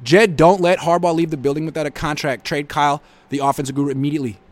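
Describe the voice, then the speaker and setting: A man's voice: a little high, fairly even intonation, fast. A man hosting a live sports reaction show, reading viewer comments and answering with blunt sarcasm.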